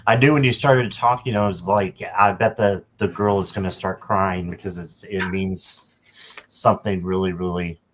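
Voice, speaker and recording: A man's voice: deep voice, fairly even intonation, moderate pace, slight background noise. A man hosting a live stream, responding to his guest and calling out viewers' questions from the chat. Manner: encouraging listener, reads viewer names off the chat. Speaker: channel host.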